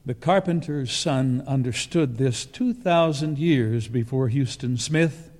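A man delivering a sermon in a slow, deliberate way, pausing between short phrases. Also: mid-range voice, a little mellow. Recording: long reverb of a large hall.

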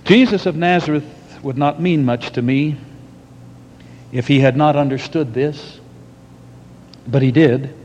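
Male preacher, unhurried dramatic sermon storytelling, higher voice, long hall echo. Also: darkish tone. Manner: slow and dramatic, long pauses. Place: church hall with audience. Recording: long hall reverb, dull lo-fi, faint rumble.

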